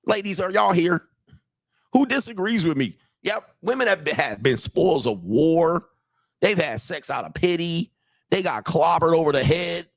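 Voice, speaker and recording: A man's voice: on the high side, animated, measured pace, no room sound, clean studio sound. A man coaching on dating in a casual livestream monologue, blunt and profane, repeating himself and challenging his audience to disagree. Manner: blunt, profane, repetitive, asks the audience for agreement. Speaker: dating and relationship coach streaming live.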